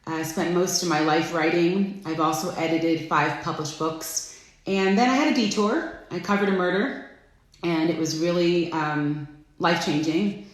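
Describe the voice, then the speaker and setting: A middle-aged woman hosting a casual live stream, chatty and friendly, greeting viewers by name with bursts of excitement. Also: fairly low pitch, unhurried. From Florida. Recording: echoey room.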